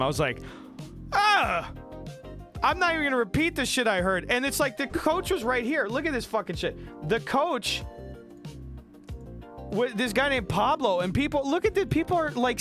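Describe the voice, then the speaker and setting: A man hosts a livestream, chatting casually with a high voice that swings widely in pitch. He tells stories in an excitable, profane rush. Music plays clearly behind him. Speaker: livestream host. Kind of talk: casual chat. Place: home streaming room.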